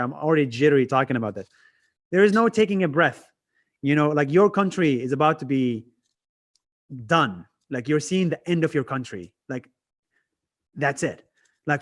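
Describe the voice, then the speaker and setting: A young man from Israel, a native Arabic speaker, talking in a casual video-call interview, animated, laughing and swearing as he talks. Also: on the high side. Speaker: interview guest, video creator.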